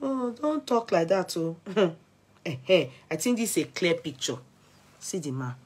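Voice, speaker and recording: A young Nigerian woman with an accent, excitedly recounting gossip on her vlog and switching between Pidgin and Yoruba. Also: on the low side, normal speed, breathy edge. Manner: excitable, mixing Pidgin and Yoruba, laughing asides. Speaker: gossip vlogger. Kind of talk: animated gossip commentary.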